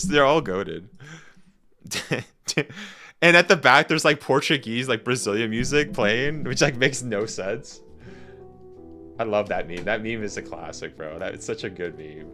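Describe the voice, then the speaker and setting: A man from Canada chatting casually with his viewers on a game stream, animated and slangy, laughing often. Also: lowish voice, measured pace, soft background music. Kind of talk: casual live-stream chat.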